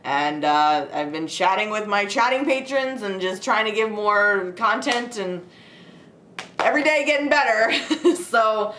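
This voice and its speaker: A young woman films a casual, ranting review of a movie she saw, laughing often while being sarcastic and profane. Her mid-range voice is a little slow, pushed and bright, and the echoey home recording with a desk light has a little hiss or hum.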